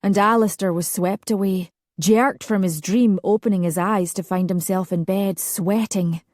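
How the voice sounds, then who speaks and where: A woman narrating an audiobook romance in a measured, dramatic storytelling style. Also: mid-range voice, steady tone, a little mellow, no room sound, studio quality. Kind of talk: scripted narration.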